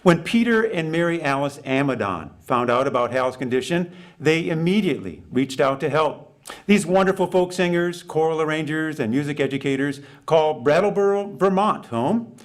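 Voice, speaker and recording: A man hosting a benefit concert livestream, announcing the next act in a steady, scripted way. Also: a little high, moderate pace.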